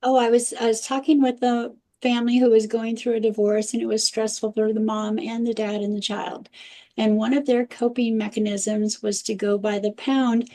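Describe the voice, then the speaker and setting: Mellow-voiced woman guest spinning a parenting story, easygoing interview talk. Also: on the high side, moderate pace. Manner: animated anecdotal storytelling.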